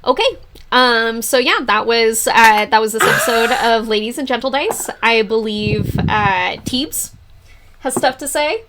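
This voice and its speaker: A woman narrating as game master of a tabletop game, slow and halting with many fillers. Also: fairly high pitch, noisy background.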